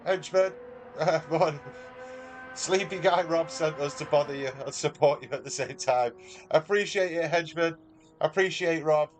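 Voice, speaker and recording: Soft music sits behind a fairly high, slightly slow male voice with a Mancunian accent. He's a livestreamer from Manchester, England, chatting relaxedly with his viewers and reading their messages in a chummy manner.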